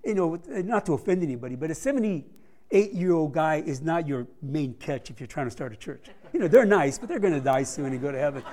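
A man's voice: a little high, lively intonation, brisk, a little mellow. A man giving a conversational missions report to a church congregation, telling stories with humorous asides.

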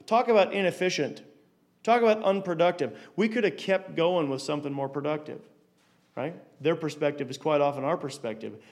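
Slightly high-voiced man teaching scripture. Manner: conversational, stumbles and repeats words, asks rhetorical questions. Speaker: Bible teacher. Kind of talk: conversational Bible teaching.

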